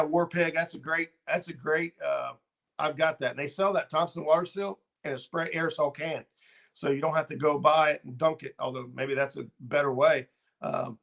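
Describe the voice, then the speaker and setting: Middle-aged male host, gravelly, slightly high voice, loose rambling livestream chat. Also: a bit bright. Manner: rambling, easygoing, lots of ums and uhs. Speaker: fishing channel host. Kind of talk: casual livestream chat reading viewer comments.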